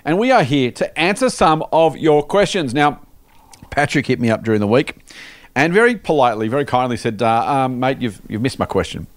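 A man's voice: medium pitch, expressive, fairly quick, no room sound. A man hosting a casual podcast, reading listener mail in a jokey, conversational way. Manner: jokey, conversational, lots of fillers. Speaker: podcast host.

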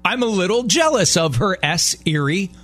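A middle-aged man co-hosting a radio show, chatting in an animated, joking way. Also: high voice, normal speed. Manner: animated, joking, mock-jealous. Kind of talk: casual radio banter.

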